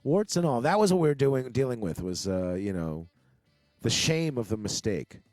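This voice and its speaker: A man's voice: mid-range voice, big pitch swings, normal speed, darkish tone, no echo, clean studio sound, faint music behind. Rambling man hosting a casual chat. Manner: rambling, many fillers and restarts. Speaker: podcast host.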